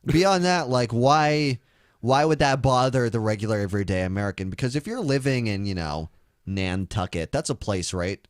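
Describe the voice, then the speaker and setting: A man's voice: mid-range voice, lively intonation, normal speed, no echo, studio quality. A man co-hosting a call-in talk show, riffing crudely and slipping into mocking impressions. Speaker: radio show co-host. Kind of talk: irreverent comedic talk show banter.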